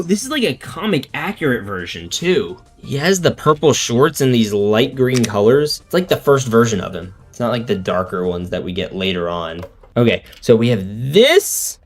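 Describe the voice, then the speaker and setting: A man hosting a casual toy unboxing, talking in an excitable, slangy way with asides to himself. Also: mid-range voice.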